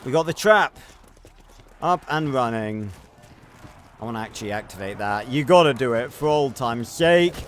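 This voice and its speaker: A man's voice: mid-range voice, moderate pace, slight background noise. A man streaming a video game, giving casual, rambling commentary, thinking aloud and swearing freely.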